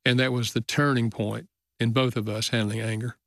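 A man's voice: mid-range voice, little pitch movement, creaky, a bit bright, no echo, clean studio sound. Earnest older man telling a story. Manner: earnest, slows down for emotional moments. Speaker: author and guest. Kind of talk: storytelling in a podcast interview.

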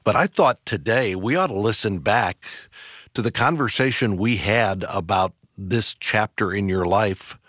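A man with a lowish voice hosts a radio interview in a steady, measured way. He guides the conversation with even questions. The studio sound is dry and close. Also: no echo. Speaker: radio host.

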